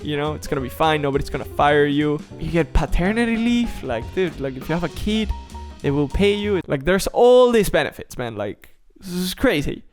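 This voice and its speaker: A man's voice: fairly high pitch, moderate pace, faint music behind. A man in his thirties talking casually and jokingly to camera, full of "like" and laughter. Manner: animated, joking, peppered with "like". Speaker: vlogger. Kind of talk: casual vlog monologue.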